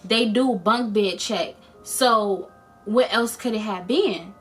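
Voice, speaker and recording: A young woman casually retelling a personal story in a lively vlog, full of slang and dramatic quoted voices. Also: medium pitch, slow, soft background music. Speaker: storyteller vlogger.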